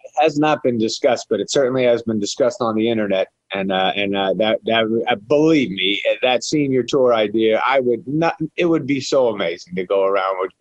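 A man, an actor guest on a radio show, talking casually in halting bursts with many restarts. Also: lowish voice, expressive, no room sound, highs cut off.

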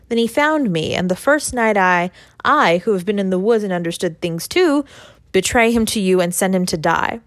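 A woman reading the part of a poor young Italian fisher lad who speaks gravely and earnestly. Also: mid-range voice, no room sound, close to an everyday voice.

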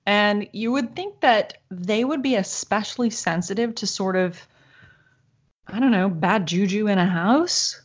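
A woman telling a long personal story in casual conversation, animated, laughing now and then and acting out the voices she quotes. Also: mid-range voice, unhurried. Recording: dull lo-fi sound.

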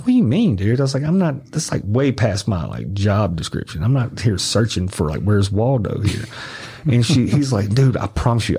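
A man, a podcast guest telling profane, animated stories and acting out the voices of the people in them. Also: fairly low pitch, slightly rough. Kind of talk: casual storytelling.

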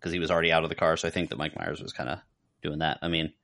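A man with a very low, deep voice talks through a film in relaxed podcast chat. He rambles, circles back and restarts his sentences, with plenty of filler words. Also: racing. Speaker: podcast co-host. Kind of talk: casual movie review chat.

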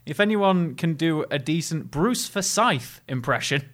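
A man's voice: on the high side, measured pace. A young man co-hosting a podcast in casual chat, laughing often and acting out quotes. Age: young adult. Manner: giggly, tells stories with animated quoted voices. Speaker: podcast co-host.

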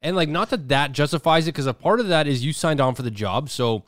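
A man's voice: fairly high pitch, fast talker, a bit bright, dry recording, clean studio sound. A man hosting a casual podcast chat, reacting and swearing freely.

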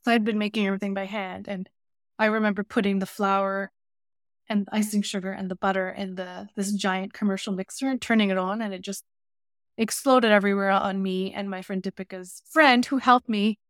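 A woman, a baker and teacher, telling lively anecdotes as an interview guest. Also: medium pitch, fairly quick, dry recording, studio quality. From Canada. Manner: lively anecdotal storytelling with voiced asides. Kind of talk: casual interview storytelling.

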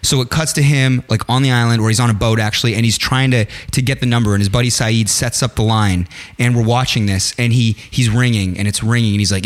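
A man guesting on a podcast, telling an animated story in casual chat and acting out the voices in it. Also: mid-range voice, fast, hardly any pauses.

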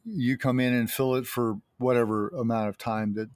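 A man's voice: medium pitch, fairly even intonation, normal speed, darkish tone, dry recording, studio quality. A man hosting a casual interview, encouraging his guest and affirming what he says. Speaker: podcast host.

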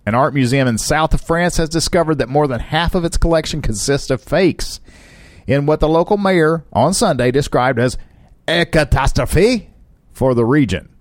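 A man's voice: fairly high pitch, moderate pace, no echo, clean studio sound. A man co-hosting a casual podcast who reads news headlines, laughs often and mangles foreign words. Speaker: podcast co-host.

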